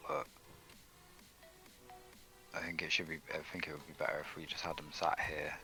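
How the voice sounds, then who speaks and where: A man's voice: extremely low pitch, level tone, normal speed, pauses often, pushed and bright, faint music behind, poor audio. A man streaming alongside the host, giving brief offhand replies over a glitchy online voice chat. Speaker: fellow streamer. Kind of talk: casual live-stream chat.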